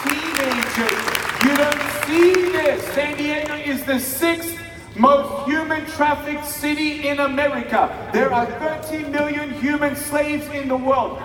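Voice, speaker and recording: A man in his thirties giving an emphatic motivational speech to a live audience, calling for responses and shouting key lines. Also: very high-pitched. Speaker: motivational speaker. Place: large hall with a live audience. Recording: echoey hall, distant mic, crowd noise.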